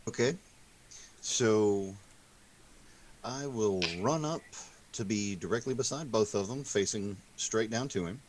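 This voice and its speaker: A man's voice: lowish voice, unhurried, pauses often, darkish tone, a little hiss or hum, low-quality recording. A man playing a tabletop game, eager and careful, checking the rules as he declares his moves. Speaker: player.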